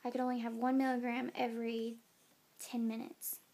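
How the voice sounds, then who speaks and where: A young woman with a somewhat high voice tells her story into a phone camera. She sounds tired and yawns now and then. She talks casually, with plenty of fillers. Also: flat delivery, moderate pace, a little mellow. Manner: chatty, many "like" and "um" fillers. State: tired, yawning. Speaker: new mother.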